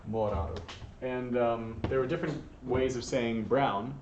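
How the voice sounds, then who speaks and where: A man leads a Spanish class in a patient, encouraging way, filling pauses with ums and uhs. He sits well back from the mic in a room full of echo. The sound is dull and muffled, with a faint hiss. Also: medium pitch. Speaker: Spanish teacher. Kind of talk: classroom lesson, calling on students. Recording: distant, echoey, dull room recording.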